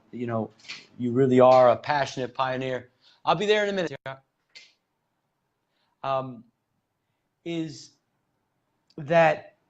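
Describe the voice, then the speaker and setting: Slow emphatic male interview host. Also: mid-range voice. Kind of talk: interview conversation. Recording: dull lo-fi audio.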